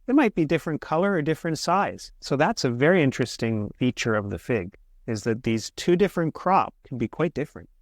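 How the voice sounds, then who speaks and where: A man explaining gardening as an interview guest, patient and steady, with small restarts as he talks. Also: medium pitch, a little fast, no room sound, clean studio sound. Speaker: horticulturist guest. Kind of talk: casual interview answers.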